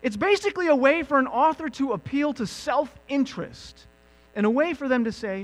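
Animated high-voiced preacher, lively pitch. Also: male voice, moderate pace, low-quality recording. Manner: animated teaching with emphatic asides. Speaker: pastor. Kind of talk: sermon. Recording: mains hum in background.

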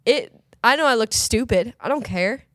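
A woman's voice: a little high, lively intonation, moderate pace, a bit bright, no room sound, clean studio sound. A woman co-hosting a podcast, talking earnestly and emphatically in casual faith chat, often repeating herself. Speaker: podcast co-host.

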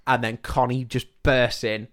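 A man casually retelling a film plot as a podcast host, animated, swearing freely and acting out the characters' lines. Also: medium pitch, measured pace.

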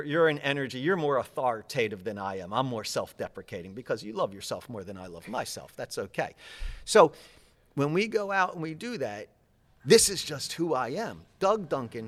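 A man who coaches public speaking, talking in an interview with high energy, quick and animated, often repeating words as he goes.

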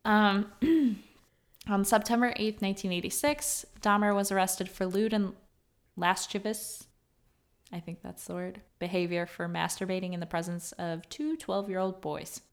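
A woman's voice: mid-range voice, steady tone, moderate pace. A young woman co-hosting a true crime podcast, reading case details steadily and laughing nervously at the grim parts. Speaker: podcast co-host.

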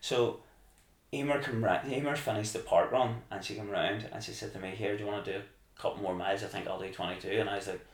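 Man, podcast guest, rambling animated storytelling, low voice, echoey room. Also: quick pace. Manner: animated, rambling, acts out his own excited shouting. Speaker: podcast guest, marathon runner. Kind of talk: casual storytelling.

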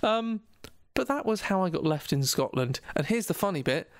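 Guy, young, telling a funny story, high bright voice, dry close sound. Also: normal speed, dry recording. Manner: animated, laughing, acts out quotes in loud voices. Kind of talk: casual storytelling chat.

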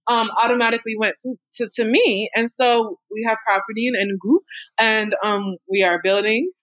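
A woman's voice: a little high, steady tone, moderate pace, a bit bright, no echo. A young woman in an interview telling personal stories frankly and with animation, laughing often. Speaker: interview guest. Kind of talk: candid personal storytelling.

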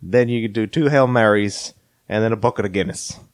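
A man's voice: lowish voice, a little fast, voice pushed down, natural voice. A man playing a mock priest who hands out comic penance in a joking, mock-solemn way. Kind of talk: joking role-play in podcast banter.

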